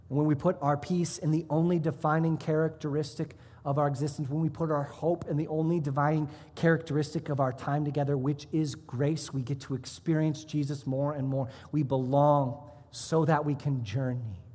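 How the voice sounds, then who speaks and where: Husky-voiced man preaching a sermon. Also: a little high, level tone, normal speed, a little mellow, long reverb tail. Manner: emphatic, rising and dropping for emphasis. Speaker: pastor. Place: church sanctuary.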